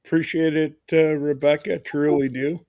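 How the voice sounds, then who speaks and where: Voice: mid-range voice, level tone, moderate pace, warm tone. A livestream host chatting casually, rambling and laughing often while greeting viewers by name.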